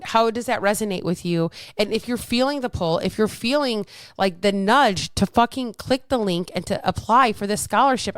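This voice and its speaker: A woman's voice: mid-range voice, no room sound, studio quality. A woman fitness coach hosting her podcast in a casual motivational talk, blunt and upbeat, swearing freely.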